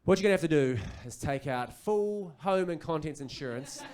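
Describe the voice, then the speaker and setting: Kiwi stand-up comic, thirties, animated storyteller, slightly high voice, live club mic. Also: male voice, normal speed. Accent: New Zealand. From New Zealand. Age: 30s. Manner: animated, acts out kids and parents. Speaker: stand-up comedian. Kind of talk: stand-up comedy set. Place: comedy club stage.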